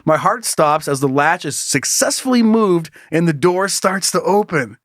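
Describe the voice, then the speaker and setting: A man's voice: on the high side, expressive, a little slow, a bit bright, dry recording, clean studio sound. A man co-hosting a casual comedy podcast, reading a listener's story aloud and acting out the voices, laughing often.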